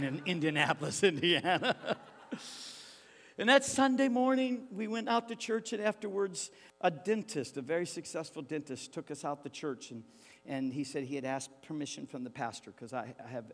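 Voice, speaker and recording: A male preacher telling a story in his sermon, very animated, swinging from hushed tones to shouting and stammering for comic effect. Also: a little high, in a large hall.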